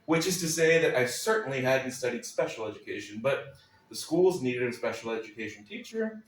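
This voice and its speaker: A man reads his own essay aloud on a small club stage, his tone wry and sardonic, dropping dry asides as he goes. His mid-pitched voice sits a little back from the microphone, and the room rings with a noticeable echo. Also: lively intonation, fairly quick, slight background noise. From Texas, United States. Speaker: spoken-word performer. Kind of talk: reading a personal essay aloud at a live club night. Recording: echoey room, voice a little far from the mic.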